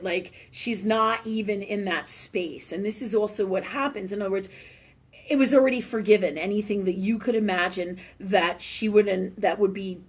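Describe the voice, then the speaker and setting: A woman's voice: mid-range voice, moderate pace, husky. Chatty woman medium with many fillers. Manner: warm, chatty, laughs often, many fillers. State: tearful at times. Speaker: psychic medium host. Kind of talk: live stream reading.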